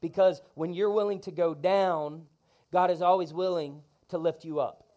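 Fired-up high-voiced man preaching. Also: moderate pace. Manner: animated, call-and-response preaching. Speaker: pastor. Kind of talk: energetic sermon. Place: church.

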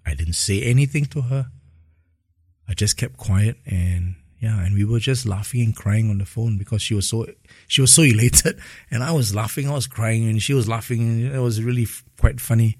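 A middle-aged man, a guest in an interview, telling an emotional personal testimony in a halting way. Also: on the low side, breathy edge, dry recording, studio quality. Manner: emotional storytelling, slow and halting in places.

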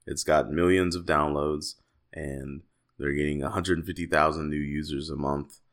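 Deep, bright-voiced joking podcast man. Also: normal speed. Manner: animated, joking storyteller. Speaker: podcast co-host. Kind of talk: casual podcast chat.

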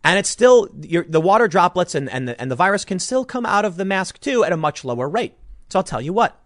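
Animated, combative male political commentator. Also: high-pitched, a little fast, dry recording, studio quality. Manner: combative and sarcastic, with frequent restarts. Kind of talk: opinionated commentary monologue.

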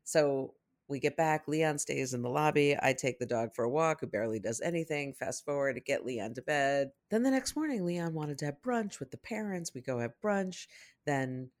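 Podcast co-host, parent, casual storytelling, rambling, acts out quotes, middling pitch. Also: normal speed. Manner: rambling, animated anecdotes with acted-out quotes.

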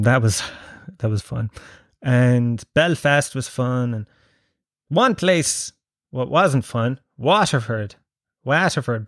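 A man's voice: medium pitch, dry recording, studio quality. A man, a stand-up comedian, telling a profane, self-mocking story in casual chat that builds to punchlines.

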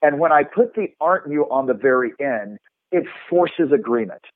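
A man's voice: medium pitch, moderate pace, no echo. Man teaching over a tinny line. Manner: animated, demonstrates tones with his voice. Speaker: sales trainer. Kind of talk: instructive podcast talk.

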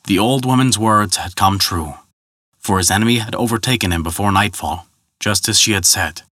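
A man narrating a folk tale in a measured, scripted storytelling style. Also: lowish voice, fairly bright tone, no room sound, studio quality.

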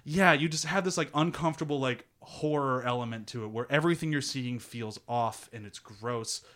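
A man with a bright, forward voice gives a casual spoken pitch of a film. He is laid-back and laughs easily, swears freely and leans on "like" as a filler. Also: moderate pace. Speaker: panelist pitching a movie.

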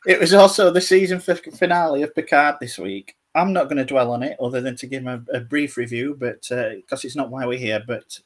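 Man, husky, slightly hoarse, casual podcast chat, playful. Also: mid-range voice, brisk, hardly any pauses. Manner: jokey, self-deprecating, playful teasing. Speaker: podcast host.

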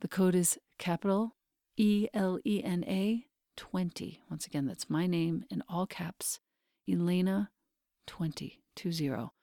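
A woman hosting a podcast, reading in a soft, earnest way with breathy, near-whispered phrases. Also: lowish voice, measured pace, no room sound, clean studio sound. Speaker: podcast host. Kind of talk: podcast host read and guest introduction.

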